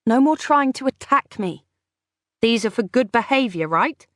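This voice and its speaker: A woman's voice: fairly high pitch, expressive, normal speed, dry recording, studio quality, pitched above the performer's own voice, natural voice. A woman reading an audiobook, voicing a defiant young woman who holds someone captive and speaks with scornful defiance. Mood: warning. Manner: scornful and defiant, hissing when angry.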